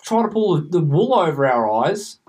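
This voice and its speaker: A man co-hosts a casual sports podcast, ranting in an emphatic, passionate way. His faint comes through, and his voice sits a little higher than most men's. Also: very animated, normal speed, a little mellow, slightly rough. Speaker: podcast co-host. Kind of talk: casual cricket podcast chat.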